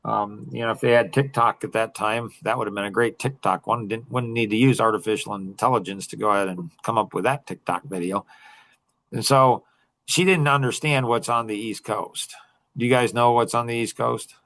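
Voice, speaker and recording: A man's voice: lowish voice, steady tone, moderate pace, a bit bright, no room sound, poor audio. A middle-aged man hosting a talk, telling a story to a group and driving his points home by repeating them. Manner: emphatic, repeats key phrases. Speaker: host.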